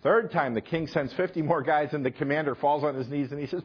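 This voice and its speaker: A man preaching a sermon, retelling the story with animated, emphatic bursts. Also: on the high side, quick pace, slightly rough, dull audio. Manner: animated, emphatic retelling with sudden loud punches.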